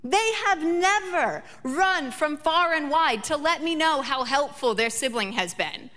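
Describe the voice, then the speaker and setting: A woman in her thirties delivers a sermon, her voice a little higher than most. She builds passionate repeated phrases, then slips into relaxed storytelling. The sound carries a long hall reverb. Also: unhurried. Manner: emphatic repetition, rising passion. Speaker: pastor. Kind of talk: sermon with personal stories.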